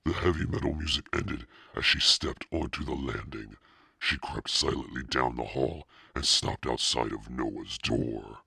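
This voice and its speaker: A man hosting a reading podcast as the devil, narrating a book slowly in a sinister persona. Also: bright, forceful tone, no room sound, studio quality. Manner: slow, deep gravelly devilish delivery.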